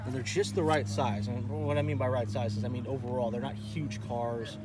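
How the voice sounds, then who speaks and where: A man's voice: mid-range voice, steady tone, a little fast, loud music behind the voice. A man hosting a casual walkaround of an outdoor car show, chatty and enthusiastic, talking straight to his viewers. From Texas. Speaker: host.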